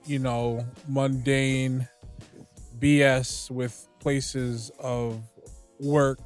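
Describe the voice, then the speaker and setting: A man co-hosting a podcast in casual chat, talking in a measured, rambling way. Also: mid-range voice, darkish tone. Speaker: podcast co-host.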